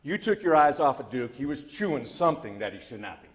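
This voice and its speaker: Male comic storyteller, lively pitch, folksy self-deprecating delivery, handheld mic. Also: quick pace. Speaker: storyteller speaker.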